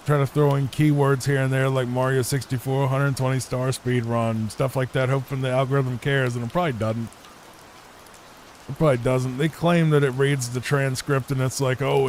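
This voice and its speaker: Over a faint hiss or hum, a gaming YouTuber with a darkish, mid-range voice rambles through improvised commentary meant for sleep. He plays at his home computer on a desk mic and often circles back to what he's already said.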